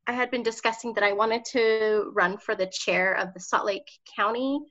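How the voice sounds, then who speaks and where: A woman's voice: mid-range voice, fairly even intonation, normal speed, fairly bright tone. A woman in her thirties, a political candidate telling her story in an interview, passionate and emotional, often laughing as she talks. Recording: slightly dull lo-fi audio.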